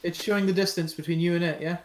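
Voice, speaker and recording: A high-pitched man playing in a tabletop game. He talks casually and chimes in to help others with the rules. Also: little pitch movement, fast. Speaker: player.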